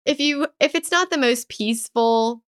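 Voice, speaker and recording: A woman's voice: high voice, moderate pace, smooth. A woman co-hosting a podcast, chatting casually and telling a story with lots of "like" fillers. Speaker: podcast co-host. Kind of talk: casual chat.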